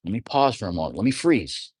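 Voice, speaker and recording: A man with a lowish, slightly rough voice talks very fast and animatedly, rambling casually through astrology as a teacher. He keeps checking in with "you know what I'm saying". There's no echo.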